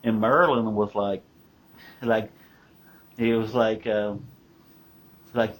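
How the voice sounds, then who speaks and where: Low-voiced man telling stories. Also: level tone, takes it slowly, long pauses, a bit bright. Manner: rambling, corrects himself mid-story. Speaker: co-host, son of the guest. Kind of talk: casual family storytelling.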